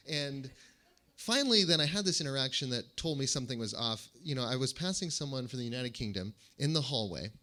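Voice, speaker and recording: A man, a pastor, giving a sermon with animated storytelling and gentle humor. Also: mid-range voice, fairly quick. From United States.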